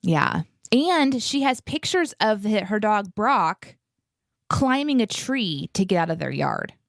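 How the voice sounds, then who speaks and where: A woman's voice: medium pitch, takes it slowly, vocal fry, no echo, studio quality. A woman in her thirties co-hosting a live morning show, telling a story in casual, upbeat chat. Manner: chatty storytelling, upbeat, animated.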